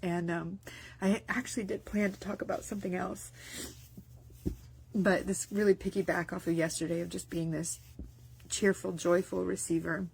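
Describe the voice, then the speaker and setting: A woman's voice: fairly low pitch, level tone, moderate pace, vocal fry, pauses often, a little mellow, slight background noise. A woman vlogger talking in a casual, rambling spoken-diary monologue, with many restarts and fillers. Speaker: mindset vlogger and business owner.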